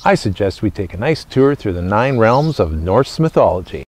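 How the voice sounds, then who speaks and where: Speaking in brief, pause-broken phrases, a man working as a living history presenter walks through a topic step by step in an informal lesson. His fairly low voice is husky and darkish, with big swings in pitch.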